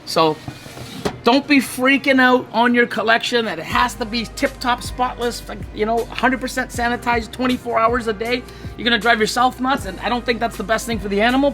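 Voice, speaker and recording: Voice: medium pitch, a bit bright. Chatty, reassuring snake breeder. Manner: chatty and reassuring, with mock-panicked asides. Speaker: ball python breeder. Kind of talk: casual hands-on feeding demonstration. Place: indoors beside snake enclosures.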